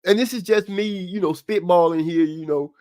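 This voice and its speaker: A man's voice: high voice, normal speed, darkish tone. A man hosting a live stream, giving rambling, casual boxing commentary with lots of asides.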